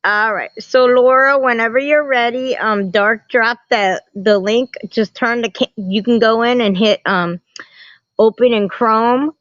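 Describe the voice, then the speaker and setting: A woman hosting a casual livestream from a family home, chatty and animated as she greets viewers by name and talks to her chat. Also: fairly high pitch, measured pace, dry recording. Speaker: livestream host. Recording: muffled lo-fi phone audio.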